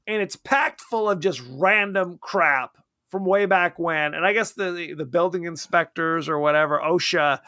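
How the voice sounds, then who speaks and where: A man co-hosting a casual podcast about a horror film, animated and quick to act out characters in silly voices. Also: a little high, no echo, studio quality. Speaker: podcast co-host.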